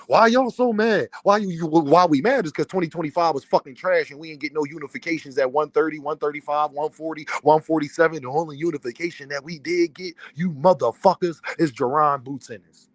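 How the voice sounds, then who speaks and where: A man's voice: fairly high pitch, fast talker, hardly any pauses, dry recording. A man, a boxing content creator, ranting on a livestream, angry, profane and heated. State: worked up and fuming. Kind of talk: livestream rant.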